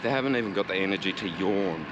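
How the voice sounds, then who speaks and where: A lowish-voiced Australian man talks as he rides through the city, loose, chatty and quick to swear. His rants come out sarcastic, and street and traffic noise runs clearly underneath. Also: lively intonation, dull audio. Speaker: cycling vlogger. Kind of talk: casual ranting commentary while riding. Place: outdoors on a city street, riding a bike.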